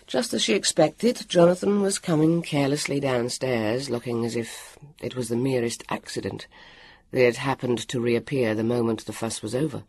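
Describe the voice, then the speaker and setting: A man reading a storybook aloud, with a lively, expressive delivery and acted voices. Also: medium pitch, breathy edge, no room sound. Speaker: audiobook narrator. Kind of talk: storybook narration.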